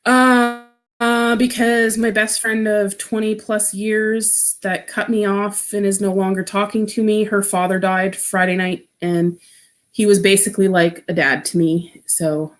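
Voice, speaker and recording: A woman's voice: mid-range voice, level tone, measured pace. Rambling woman on a casual livestream. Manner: rambling, nervous laughter, frank and swearing. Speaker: livestream host. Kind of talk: casual livestream chat reading comments.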